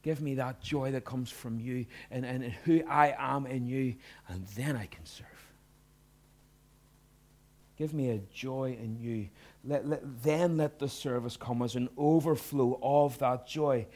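A man's voice: mid-range voice, a little slow. Earnest male pastor preaching with swings in volume. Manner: earnest, swings from soft hushed lines to loud emphatic bursts. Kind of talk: sermon.

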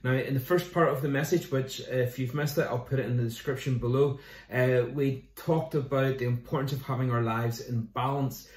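A man's voice: medium pitch, darkish tone, far from the mic. A man, a pastor giving an online sermon in a conversational way, with jokes and scripture readings. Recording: roomy echo.

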